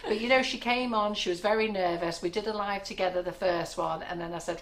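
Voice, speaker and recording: This baking show host, a woman in her sixties, talks a little fast in a mid-range voice over a slight hiss or hum. She rambles and laughs often as she chats on a live stream from her kitchen.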